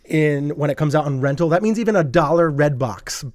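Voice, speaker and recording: A man hosting a casual movie chat podcast, excitable and quick to act out loud reactions. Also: a little high. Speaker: podcast host.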